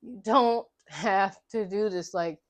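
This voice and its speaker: A woman voicing a captive young man, pleading softly in a lowered voice. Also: slow pace, lightly acted. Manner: soft, low, pleading. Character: desperate young man held captive, begging.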